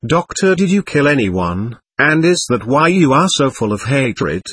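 A man's voice: mid-range voice, very animated, measured pace, fairly bright tone, slightly rough, no room sound, full character voice. A man reading aloud the lines of a stern, patient séance doctor who lectures and reasons firmly.

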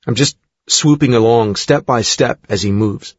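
A man reading the halting first-person account of a woman recalling an abduction, in his own voice. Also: mid-range voice, slightly rough, no echo. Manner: halting, plain recounting. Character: adult woman recounting an abduction under hypnosis. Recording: dull dry studio recording.

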